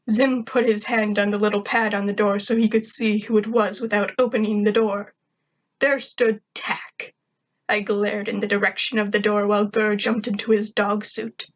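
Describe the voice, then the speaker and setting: A woman's voice: mid-range voice, flat delivery, normal speed, low-quality recording. A woman reading a first-person fan fiction story aloud in a wry, conversational way. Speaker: narrator.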